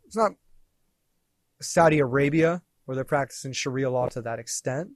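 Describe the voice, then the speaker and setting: A man in his thirties tells a story as a podcast guest, casual and animated. He swears freely and acts out quoted lines as he goes. The sound is dry and close. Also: mid-range voice, moderate pace, no room sound.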